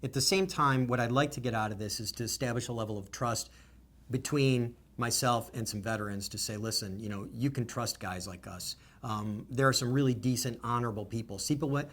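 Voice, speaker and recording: A man's voice: medium pitch, fairly bright tone. A businessman answering interview questions in an earnest, emotional, stream-of-consciousness way.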